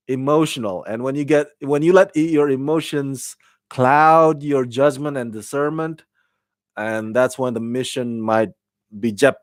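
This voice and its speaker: A TV show reviewer chats casually about an episode, rambling with lots of restarts and fillers and laughing at his own slip-ups. His voice is on the high side, with no room sound in the recording.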